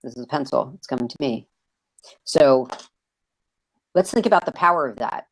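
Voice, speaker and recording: An energetic, excitable man who hosts a casual live video-stream chat, raising his voice over a video call. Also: mid-range voice, moderate pace, no echo, rough recording. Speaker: host.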